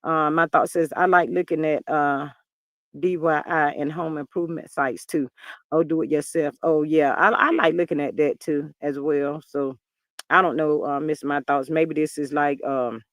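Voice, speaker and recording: A man in his fifties hosting a livestream, chatting in an expressive way, reading viewer comments and often calling listeners "child". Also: a little high, moderate pace, dry recording, studio quality. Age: 50s. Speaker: livestream host.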